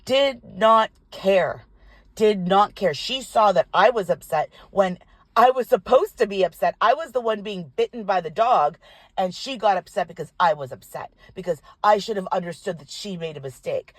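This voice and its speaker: An older woman, a tarot reader, telling a personal story in an animated, indignant way, with some swearing. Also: medium pitch, normal speed, husky, no echo. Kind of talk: casual storytelling vlog. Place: parked car.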